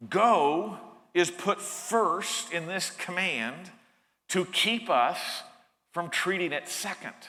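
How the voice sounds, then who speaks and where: Slow, bright-voiced preacher in a reverberant hall. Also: male voice, on the high side. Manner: earnest, emphatic preaching with frequent restarts. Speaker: pastor. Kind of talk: sermon. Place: church sanctuary.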